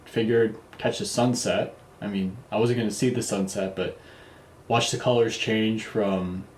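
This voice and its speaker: A man's voice: fairly low pitch, steady tone, a little slow, a little mellow, a little hiss or hum. A man casually telling a travel story, loose and profane, with lots of fillers and restarts. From United States. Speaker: vlogger. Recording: roomy echo.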